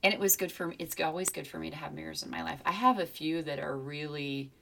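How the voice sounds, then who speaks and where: A woman co-hosting a casual chat, telling a reflective personal story in an animated way and acting out the people in it. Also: low-pitched, fast talker, creaky. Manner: animated storyteller, reflective, acts out quoted voices. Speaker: podcast co-host.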